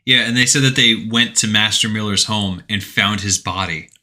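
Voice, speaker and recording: A man's voice: fairly low pitch, moderate pace, sharp tone. A man co-hosting a podcast, casually retelling a game's story and acting out quoted lines with animation. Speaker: podcast co-host. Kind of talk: casual chat retelling a game plot.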